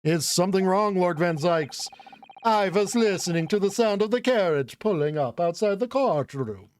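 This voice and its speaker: A man's voice: sits high, animated, normal speed. A man voicing a stately, courteous male judge who speaks formally. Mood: grave. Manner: formal and ceremonious.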